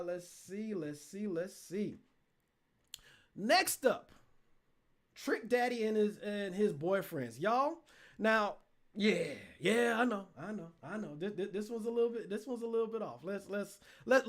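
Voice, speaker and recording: A man's voice: high voice, lively intonation, normal speed. A man hosting a talk show, giving comic commentary with playful exaggeration and repeated words as he builds up a story. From Decatur. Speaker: podcast host. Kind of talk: comedic commentary.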